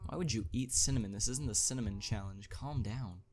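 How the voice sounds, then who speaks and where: A man hosting a gaming video, thinking aloud as he plays, chatty, with excited interjections. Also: lowish voice, fairly quick, slight background noise. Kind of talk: casual gameplay commentary.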